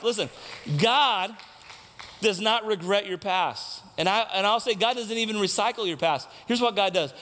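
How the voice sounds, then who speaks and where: A man with a fairly high voice delivers a sermon from the pulpit. He asks the congregation questions and repeats his main points for emphasis. His voice carries a long hall reverb from the church sanctuary. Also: moderate pace, pushed and bright, a little hiss or hum. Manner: preaching with rhetorical questions to the congregation; repeats key lines for emphasis. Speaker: pastor.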